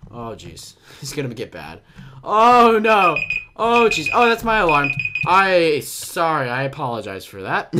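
Young man, excitable game commentary, slight cough, animated voice. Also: a little high, a little slow, background noise. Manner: excitable, jumpy, yelps and laughs often. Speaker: gaming commentator. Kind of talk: casual Minecraft gameplay commentary.

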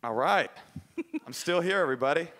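A man from Oakland doing stand-up, with a fairly high voice that jumps up sharply for punchlines. He tells stories quickly with dry irony, then eases into relaxed guest chat. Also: in a large hall, slight background noise. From Oakland, USA. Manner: animated, quick, ironic storytelling. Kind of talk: stand-up set on live radio.

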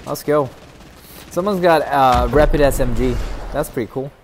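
A young man streaming a shooter game live, chattering excitably and teasing his chat. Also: normal speed, slight background noise. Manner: excitable, yelps in sudden high bursts.

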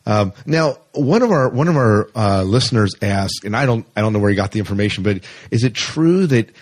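A man's voice: on the low side, expressive, brisk. A man hosting a podcast, asking friendly, rambling questions with fillers. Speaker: podcast host. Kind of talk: casual interview hosting.

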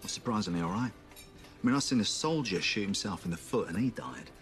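A blunt, sardonic debt collector who swears freely and needles his partner. The voice sits fairly low. It is film drama dialogue with a sulky, wry edge. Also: lively intonation, brisk, fairly bright tone.

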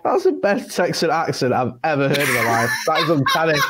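A man in his forties trades casual banter on a podcast. His pitch moves up and down freely as he talks. His manner is jovial and animated. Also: a little fast, very noisy. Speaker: podcast co-host. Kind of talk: casual chat.

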